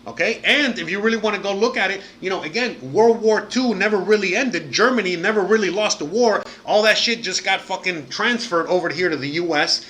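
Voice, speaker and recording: A man's voice: sits high, bright, forceful tone, slight background noise. A man hosting a live stream, talking straight to his viewers in a heated, profane, outraged rant full of fillers. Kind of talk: casual ranting monologue to viewers.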